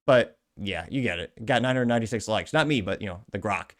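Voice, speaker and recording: A man's voice: on the low side, animated, brisk, fairly bright tone. A man hosting a commentary show, reading out social media comments with dry, sarcastic jokes and self-deprecating asides. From Cuban heritage. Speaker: show host.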